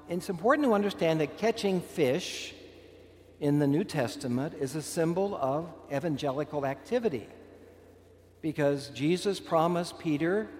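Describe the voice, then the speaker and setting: A man giving a homily in a church, his voice a little higher than most men's. He explains the readings in an earnest teaching way and sometimes restarts a phrase. A long reverb trails after each line. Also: a little mellow. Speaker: Catholic priest. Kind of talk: sermon.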